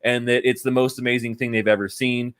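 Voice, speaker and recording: A man's voice: medium pitch, fairly quick, smooth. Casual guy rambling about crypto, lots of uh and you know, kinda blunt, swears. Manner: relaxed, rambling, many fillers and restarts. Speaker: NFT podcast guest. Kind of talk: casual chat.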